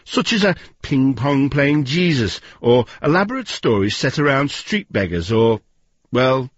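A man presenting a radio programme with measured, wry, scripted narration. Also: mid-range voice, big pitch swings, dry recording, lo-fi sound.

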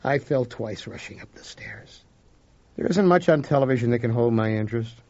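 A man reading a first-person story aloud, with a dramatic delivery that swings between hushed whispers and loud outbursts. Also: medium pitch, expressive, normal speed, no room sound. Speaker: audiobook narrator. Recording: dull lo-fi recording.

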